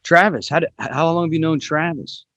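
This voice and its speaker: A man's voice: fairly high pitch, moderate pace, a bit bright, no echo, lo-fi sound. A man hosting a podcast in a casual, chatty way, swearing now and then. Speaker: podcast host.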